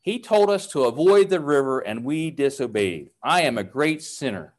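An anxious, guilt-driven brother earnestly insists he must earn his way back, as a man reads him aloud. The pitch rises and falls widely as he pleads, in a storybook telling. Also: lively intonation, moderate pace, natural voice.

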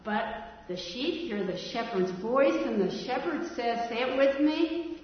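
A woman telling a story to a child in a gentle, coaxing way, asking the child to join in. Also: high-pitched, animated, unhurried. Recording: echoey room from far off, dull sound.

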